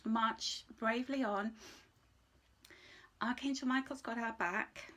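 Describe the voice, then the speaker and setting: A woman's voice: on the high side, steady tone, takes it slowly, long pauses, fairly bright tone. Tearful, gushing woman reading cards. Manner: emotional, gushing, tearful at times. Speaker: angel card reader. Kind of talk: live card reading chat.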